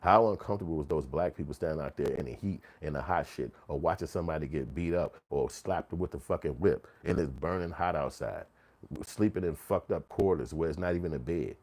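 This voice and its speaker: A man's voice: extremely low pitch, a little fast, a little mellow. A man hosting a commentary channel, ranting heatedly and profanely, sometimes acting out quotes in mocking voices. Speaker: channel host.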